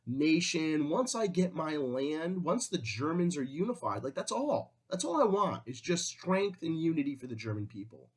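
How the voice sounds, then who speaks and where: A man's voice: fairly high pitch, sing-song, moderate pace, hardly any pauses, pitched above the performer's own voice. A man doing a breezy, chummy dictator. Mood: calm persuading. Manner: casual, chummy, persuasive. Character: breezy, smooth-talking male dictator feigning reasonableness.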